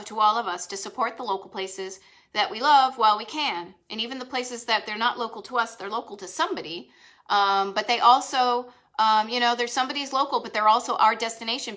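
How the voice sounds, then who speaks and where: The host of a retro travel live stream, a woman with a Boston accent, chats casually and enthusiastically, drifting into rambling asides. Her voice is fairly high with a sharp edge.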